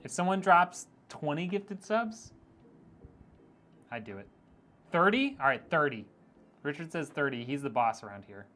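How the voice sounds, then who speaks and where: A man's voice: fairly high pitch, expressive, moderate pace, pauses often, fairly bright tone. A man streaming a PC build, chatting casually and reading viewer comments aloud with a joking, teasing manner and frequent laughs.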